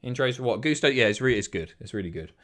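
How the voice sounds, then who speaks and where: A man's voice: medium pitch, expressive, fast talker, a bit bright. A man in his thirties, a streamer chatting casually, sweary and self-mocking as he reads out viewer messages, a bit out of breath.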